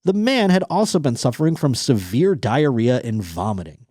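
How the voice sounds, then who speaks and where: Crude, animated male podcast host. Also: medium pitch, normal speed, no room sound, studio quality. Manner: crude, animated, mocking, swears constantly. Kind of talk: casual comedic chat.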